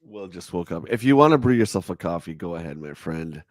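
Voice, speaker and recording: A middle-aged man with a nasal voice, hosting a casual morning livestream chat in a relaxed, chatty way. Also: low voice, fairly quick, dry recording, studio quality. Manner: relaxed, chatty, laughs easily. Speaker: livestream host.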